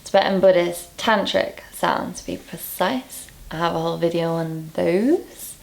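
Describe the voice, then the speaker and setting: A young woman from England talking casually to camera in a vlog, candid and quick to laugh at herself, a little out of breath. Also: on the low side, creaky. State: out of breath, low on energy. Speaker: vlogger.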